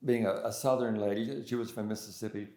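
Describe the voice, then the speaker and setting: A man's voice: lowish voice, fairly even intonation, fast talker, mellow. Older man telling stories in a roomy space. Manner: hesitant, many restarts and fillers. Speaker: interview guest, pianist and composer. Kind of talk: casual storytelling in an interview. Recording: roomy echo.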